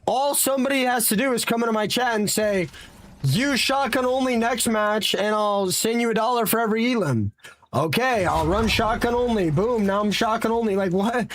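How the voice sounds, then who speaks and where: A man's voice: high-pitched, a little hiss or hum. A young man in casual live-stream chat as a streamer, ranting animatedly with rhetorical questions and tired after a long session.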